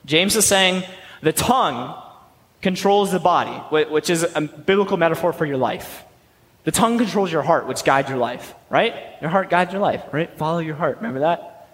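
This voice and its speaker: A man's voice: a little high, fairly quick, fairly bright tone, in a large hall, rough recording. A young man preaching a sermon in a conversational, emphatic way. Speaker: youth pastor.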